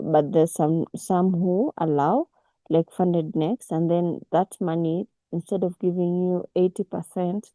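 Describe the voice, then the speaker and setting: A woman leads a relaxed online trading class over a video call. Her voice sits low and gravelly, with a very dark, mellow tone. The recording is dry and close. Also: no echo, low-quality recording. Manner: unhurried, with many restarts and fillers. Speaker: forex mentor.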